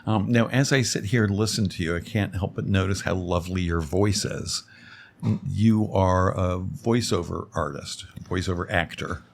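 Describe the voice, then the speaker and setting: A man's voice: low voice, normal speed, gravelly. A man hosting a radio show who interviews his guest in an easygoing, playful way. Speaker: radio host. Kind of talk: casual interview. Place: radio studio.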